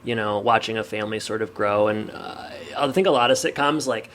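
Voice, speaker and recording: A man co-hosting a podcast rambles through casual chat, packing in lots of filler words. His voice is on the low side and fairly bright in tone, and he talks fairly quickly.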